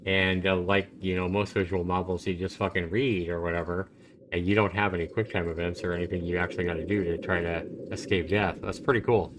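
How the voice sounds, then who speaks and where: A man's voice: deep voice, brisk, noisy background. A man streaming a visual novel, reading its text aloud and commenting casually. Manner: casual, reactive, animated reading.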